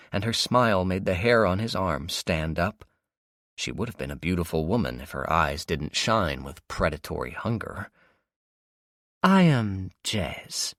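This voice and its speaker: Low voiced guy reading an audiobook, dry close sound, dramatic but steady. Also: no room sound. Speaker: audiobook narrator. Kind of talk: scripted narration.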